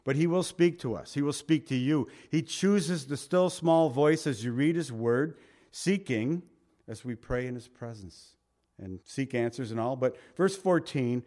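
A man preaching a sermon, swinging between loud emphatic lines and hushed soft ones. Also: medium pitch, measured pace. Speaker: pastor.

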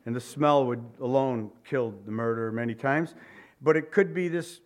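Delivering a sermon, this man addresses the congregation directly and drives home key words through repetition. His volume lurches from loud exclamations to quiet, low stresses, all at an ordinary speed.

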